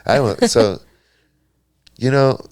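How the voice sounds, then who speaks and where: A podcast host from Kentucky and South Texas speaks at an extremely slow pace in a medium-pitched, slightly mellow voice, recorded with studio quality and no echo. He swears freely and laughs his way through a story, acting out voices in a casual storytelling chat.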